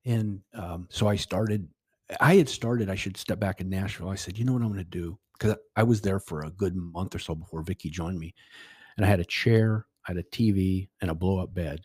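A man's voice: low voice, a little fast, a little mellow, slightly rough, dry recording, studio quality. A middle-aged man telling a personal story as a podcast guest, rambling with restarts and quoted dialogue. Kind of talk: casual storytelling.

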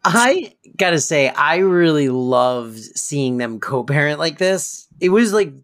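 A man's voice: a little high, sing-song, slow, a bit bright. A man co-hosting a podcast, chatting casually and gushing about an episode. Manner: enthusiastic, gushing praise. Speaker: podcast co-host.

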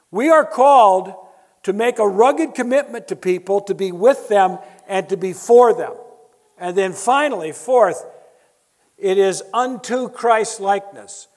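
This man's voice sits high with a darkish tone as he delivers a sermon. Emphatic and repetitive in building his argument, he also throws in wry remarks to the crowd, all captured with long hall reverb.

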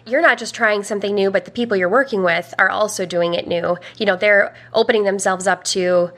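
A woman's voice: medium pitch, fairly even intonation, brisk, fairly bright tone. A young woman, a vocal coach, talking earnestly in a podcast interview, with some fillers.

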